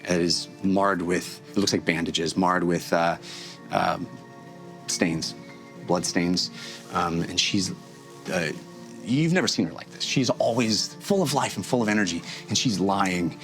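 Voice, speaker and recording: A man narrating a tabletop game as game master, descriptive and halting. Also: low voice, a bit bright, soft background music. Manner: halting, descriptive, many fillers and restarts.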